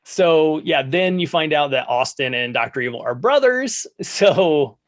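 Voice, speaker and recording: A man co-hosting a podcast, casually recapping a movie and jumping higher when he quotes the characters. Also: normal speed. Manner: animated storytelling, jumps higher to quote characters. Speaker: podcast co-host.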